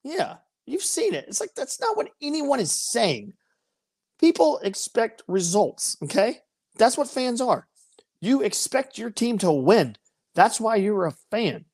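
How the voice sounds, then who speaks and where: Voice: medium pitch, big pitch swings, a little slow, a little mellow. Podcast co-host, heated and ranting, voice swings up and down a lot. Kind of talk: casual sports podcast chat.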